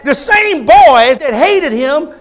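Fervent high-voiced male pastor preaching. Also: animated, slow pace. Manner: fervent preaching, swinging between loud emphatic repetition and hushed intimacy; folksy, conversational asides to the congregation. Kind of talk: sermon.

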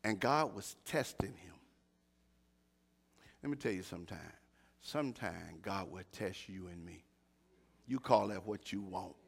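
An older man preaching a sermon, moving from quiet, halting talk with repeated words to shouted, fired-up preaching. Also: deep voice, vocal fry, husky.

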